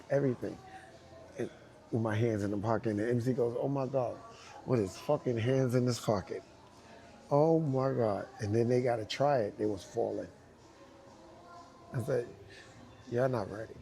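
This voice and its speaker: A man who judges hip hop dance battles, telling a casual anecdote and acting out what others said in an animated way. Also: mid-range voice, creaky. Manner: animated, acts out quoted dialogue.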